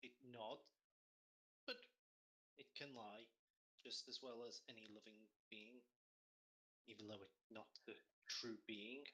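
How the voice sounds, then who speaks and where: Bright-voiced man playing a tabletop game. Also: lowish voice, steady tone, a little slow, long pauses. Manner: blunt, sweary, dramatic. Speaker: player.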